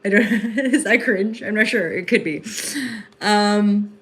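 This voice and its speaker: A woman's voice: medium pitch, slow, fairly bright tone, slightly rough. A woman hosting a casual livestream into her phone at home in the evening, rambling and effusive, with lots of fillers. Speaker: livestream host and spiritual reader.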